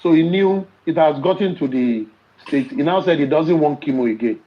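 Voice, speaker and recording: A man's voice: fairly high pitch, moderate pace, highs cut off. A man with a Nigerian accent in casual podcast talk, preaching and telling stories with rhetorical questions.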